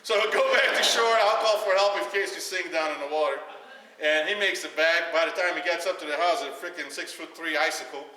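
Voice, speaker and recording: A man telling a long, animated story to a party audience, acting out the quoted voices and laughing often. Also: a little high, brisk. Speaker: guest speaker telling a story at a retirement party. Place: large echoey hall at a party. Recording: far-off echoey hall recording with faint noise.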